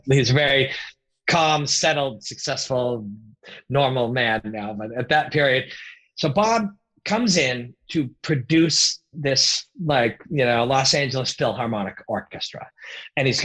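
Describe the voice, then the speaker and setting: Animated, profane male storyteller. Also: medium pitch, poor audio. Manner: animated, profane, acts out quoted voices. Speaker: podcast guest, former rock musician. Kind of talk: casual storytelling.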